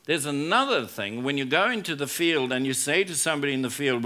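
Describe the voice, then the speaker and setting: A man's voice: a little high, lively intonation, brisk, bright, forceful tone. A man, a business school professor, giving a humorous conference talk to a live audience, telling stories and acting out quoted lines. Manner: storytelling, acts out quoted lines, jokes with audience.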